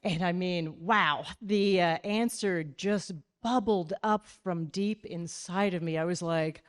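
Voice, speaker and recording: A woman's voice: on the low side, slow pace. A woman from Calgary, Canada, telling a self-deprecating comic story on stage to a live audience and acting out the dialogue.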